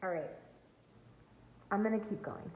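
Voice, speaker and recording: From her home near a backyard, a tarot reader speaks to viewers a little slowly at a medium pitch, earnest and emphatic with a spiritual coaching tone. The phone-like recording is echoey and tinny, with slight background noise.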